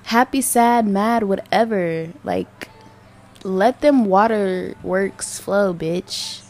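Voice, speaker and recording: A woman's voice: mid-range voice, very slow, a little mellow. A young woman hosting her own podcast, talking candidly and rambling with lots of fillers and swearing. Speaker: podcast host. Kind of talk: casual solo podcast monologue.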